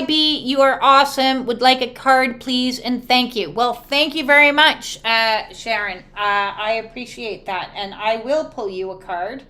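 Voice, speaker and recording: Woman with a high voice, frank card reader, swears casually, reads for viewers live. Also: bright, forceful tone, a little hiss or hum. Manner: casual, emphatic, swears freely; acts out quoted voices. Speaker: oracle and tarot card reader. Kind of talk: live spiritual card reading, answering viewers.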